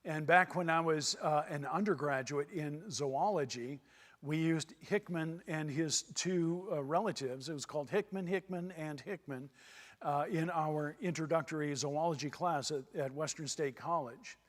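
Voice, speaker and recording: A Texan man gives a folksy church seminar lecture in a church hall, repeating his points for emphasis. His voice is fairly high and his speed normal, with long hall reverb on the recording.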